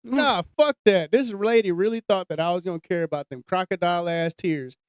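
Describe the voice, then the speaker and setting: A man's voice: high voice, fairly quick, clear, resonant tone, dry recording, clean studio sound. A young man co-hosting a podcast, telling a story in casual, blunt, profane chat. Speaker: podcast host.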